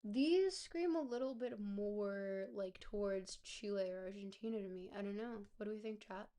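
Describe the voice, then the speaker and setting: A woman streamer, hoarse and gravelly from a cold, chatting casually with her viewers and thinking aloud over a game. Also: medium pitch, moderate pace, dark tone. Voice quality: gravelly, smoker-like. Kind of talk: casual live-stream gameplay commentary. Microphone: close desk mic.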